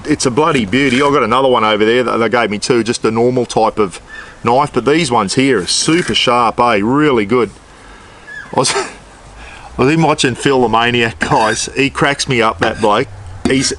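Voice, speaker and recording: A man's voice: mid-range voice, a bit bright, a little hiss or hum. An Australian man chatting casually while cooking outdoors in his backyard, laid-back and with mild swearing. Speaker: cooking vlogger.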